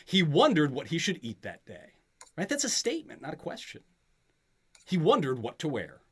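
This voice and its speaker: A man's voice: a little high, wildly swooping pitch, normal speed, a bit bright, slightly rough. A man tutoring a student in grammar in a casual back-and-forth, often checking that she follows. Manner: patient, checks for understanding often. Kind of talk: conversational tutoring session.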